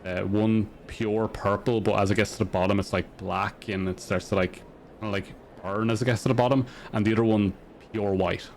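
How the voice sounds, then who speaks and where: A man running a tabletop game as dungeon master, rambling with lots of fillers and quick laughs. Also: fairly low pitch, fairly even intonation, vocal fry, slight background noise.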